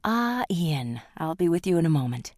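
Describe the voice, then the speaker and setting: Woman playing pious older shopkeeper, stuttering, screaming, low dry voice. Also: very animated, moderate pace, darkish tone, no room sound. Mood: flustered. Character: pious older shopkeeper father, nervous then enraged.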